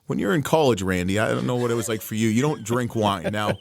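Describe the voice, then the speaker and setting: A man's voice: mid-range voice, fairly quick, gravelly, slight background noise. A middle-aged man from Canada with a Canadian accent, a guest chatting casually and telling stories with restarts and asides. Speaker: guest, wine distributor. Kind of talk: casual interview chat.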